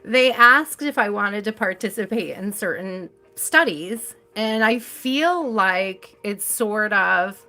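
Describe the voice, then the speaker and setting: Chatty bright-voiced woman live streaming. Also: mid-range voice, animated, slow, few pauses. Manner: chatty storyteller, laughs often. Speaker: tarot reader hosting a live stream. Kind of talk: casual chat on a live stream.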